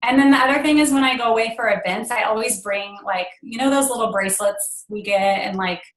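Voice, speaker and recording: A woman's voice: on the high side, a little fast, roomy sound, rough recording. Earnest mom sharing her story. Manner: earnest, emotional at times, filler-heavy. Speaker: guest speaker on a team call. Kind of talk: personal story on a call.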